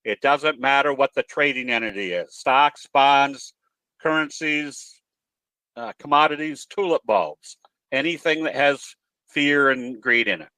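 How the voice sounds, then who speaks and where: A man giving a webinar lesson on trading charts from his home office. He explains in an easygoing, folksy way at a medium pitch. His voice sounds dry and close. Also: measured pace, pushed and bright, clear, resonant tone, dry recording. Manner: folksy, explanatory, tells jokes. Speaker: trading presenter. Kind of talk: webinar teaching talk.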